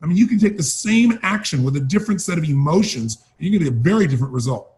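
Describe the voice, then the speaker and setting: A man's voice: fairly high pitch, expressive, quick pace, a little mellow. A man giving an emphatic motivational training talk, urging and repeating key phrases. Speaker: motivational speaker.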